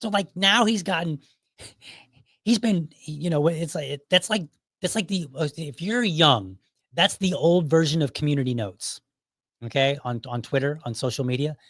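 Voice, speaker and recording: A man's voice: fairly high pitch, normal speed, a bit bright, no echo. A middle-aged man hosting his own show, telling a casual story in a loose, conversational way and chuckling often as he goes. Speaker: podcast host.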